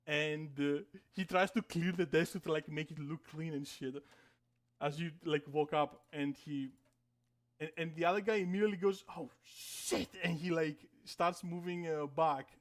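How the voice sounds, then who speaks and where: A male game master narrates a tabletop game in a loose, casual way. He fills his talk with fillers and swears freely, and his voice is a little high. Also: fairly even intonation, normal speed.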